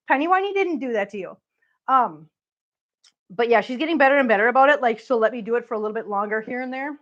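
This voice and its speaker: A woman's voice: on the high side, expressive, fast, a bit bright. A woman hosting a casual livestream, chatting with viewers and cooing baby talk at her cats. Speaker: channel host. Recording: dull lo-fi sound.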